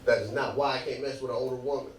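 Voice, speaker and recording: A young man from Michigan performing a stand-up comedy set in a club, animated and laughing through his jokes. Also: medium pitch, very fast, a little hiss or hum. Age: young adult. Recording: echoey room, far mic, loud crowd.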